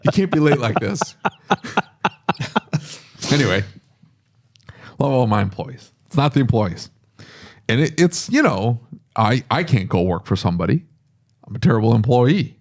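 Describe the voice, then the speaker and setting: A man, a podcast host who owns a repair shop, talking casually and telling animated stories with laughs. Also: unhurried, long pauses. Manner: animated storytelling with laughs, sudden high pitch for quoted voices.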